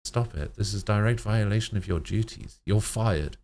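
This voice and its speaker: A man voicing an angry male doctor who shouts his orders. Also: fairly low pitch, moderate pace, creaky, pitched above the performer's own voice.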